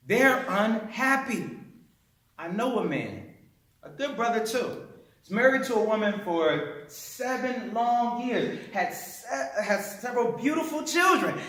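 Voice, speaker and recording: A man's voice: sits high, sharp tone, reverberant. Emphatic man giving a humorous speech. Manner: emphatic, repeats lines for effect. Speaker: club speaker. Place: club meeting room.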